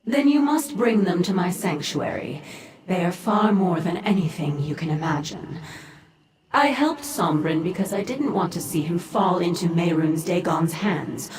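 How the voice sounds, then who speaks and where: A scheming Dremora mentor, low and echoey. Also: female voice, animated, a little mellow. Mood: measured. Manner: formal, measured, slips into whispers. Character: mysterious female Dremora mentor, composed and scheming. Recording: echoey game audio.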